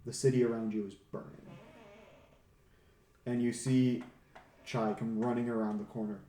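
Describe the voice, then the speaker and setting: A man narrating as game master of a tabletop game, slow and dramatic with an ominous edge. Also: mid-range voice, flat delivery, dark tone, echoey room, slight background noise.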